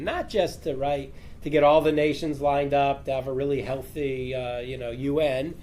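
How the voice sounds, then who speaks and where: A man's voice: mid-range voice, fairly even intonation, normal speed, a little mellow. A rabbi teaching a class, reading out a Talmud passage and explaining it with rhetorical questions to his students. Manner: reads the text aloud, then explains it with rhetorical questions.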